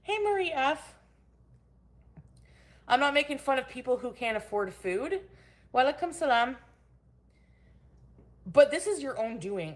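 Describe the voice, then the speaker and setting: A woman's voice: high-pitched, animated, moderate pace, pauses often. A woman hosting a casual livestream from home. She greets her chat viewers by name and goes on angry, profane rants. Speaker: livestream host.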